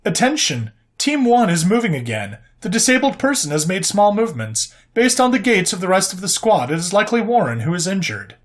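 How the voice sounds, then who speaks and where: A man voicing a calm female ship computer that gives flat, precise announcements. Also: high-pitched, brisk, hardly any pauses, voice pushed up. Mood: clinical.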